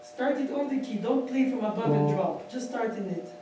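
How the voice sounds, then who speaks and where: A man giving a piano masterclass, animated and laughing as he counts beats aloud. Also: very high voice, moderate pace. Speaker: piano teacher. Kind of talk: masterclass instruction. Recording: echoey hall from far off, piano. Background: piano playing.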